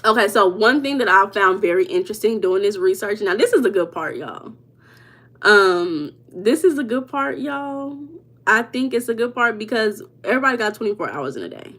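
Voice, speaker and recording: A woman's voice: mid-range voice, lively intonation, brisk, a bit bright. Chatty woman hosting a livestream. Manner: chatty, reads out viewers' names and answers them; laughs often, slips in playful Spanish. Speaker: livestream host. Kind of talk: casual livestream chat; informal teaching on mindset.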